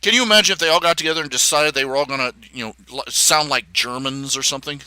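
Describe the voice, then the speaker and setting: Bright-voiced rambling man streaming. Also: mid-range voice, smooth, dry recording. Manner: rambling, halting, many fillers and restarts; opinionated, sardonic. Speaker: livestream host. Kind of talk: casual livestream chat while drawing.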